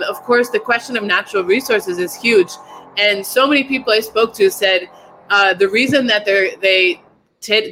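A woman's voice: mid-range voice, a bit bright, a little hiss or hum. A woman with a mid-range voice reports as a field correspondent. She explains at length in an earnest tone, with the occasional um and uh. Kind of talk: news report.

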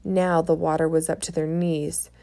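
A woman's voice: deep voice, level tone, normal speed, warm tone. A woman reading a children's chapter book aloud, chatting to young listeners between chapters. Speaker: storybook reader.

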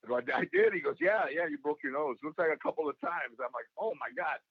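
A man with a gravelly voice, a comedian being interviewed, telling stories and acting out what people said. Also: a little high, fast, dry recording, dull audio. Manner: storytelling, acts out quoted voices. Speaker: guest, comedian and actor. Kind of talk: casual interview talk.

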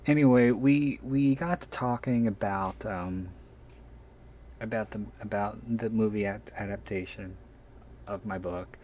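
A man's voice: on the low side, unhurried, darkish tone, slight background noise. A man, an author, telling a story in a candid, self-deprecating way and swearing freely. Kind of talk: casual anecdotal storytelling.

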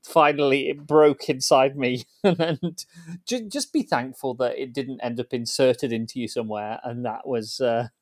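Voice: medium pitch, measured pace, no echo, clean studio sound. A podcast co-host in casual chat who teases, laughs often and steers the conversation back to the episode.

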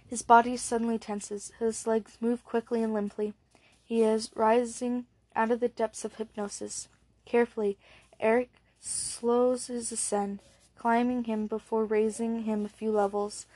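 A woman narrating an audiobook in a measured, low-key reading voice. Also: little pitch movement, a little mellow, no echo.

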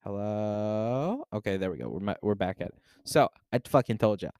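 A man hosting a casual solo podcast, reacting to a news post in a profane, excitable, rambling way into a desk microphone. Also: fairly low pitch, normal speed, clean tone, dry recording, studio quality. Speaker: podcast host.

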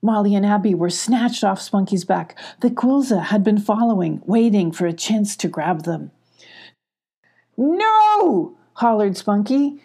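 A woman calmly reading a children's storybook aloud. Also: mid-range voice, slightly rough. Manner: slow, calm, even. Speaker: audiobook reader. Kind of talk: storybook narration.

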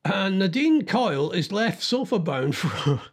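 A man's voice: sits high, very animated, unhurried, breathy edge. A man hosting a casual chat about news stories, rambling and thinking aloud as he goes.

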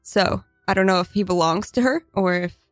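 A woman playing a tabletop role-playing game, asking questions in a halting way. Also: medium pitch, no echo, soft background music. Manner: inquisitive, halting. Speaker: player.

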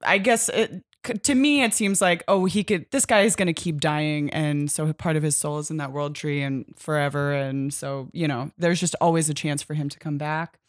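A woman's voice: deep voice, steady tone, moderate pace, few pauses, dry recording, studio quality. A woman co-hosting a podcast, recapping a comic in a rambling, casual way, with many fillers and easy laughter. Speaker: podcast co-host.

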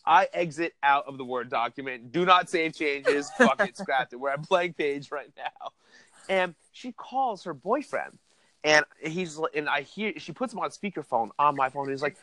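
A man's voice: on the high side, expressive, moderate pace, sharp tone, no echo. A man telling a profane story on a comedy podcast, laughing through it.

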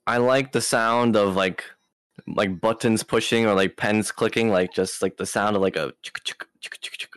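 Laid-back young man, low smooth voice. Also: fairly even intonation, normal speed, no room sound. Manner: rambling, filler-heavy, laid-back slang. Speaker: interview guest. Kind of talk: casual chat answers.

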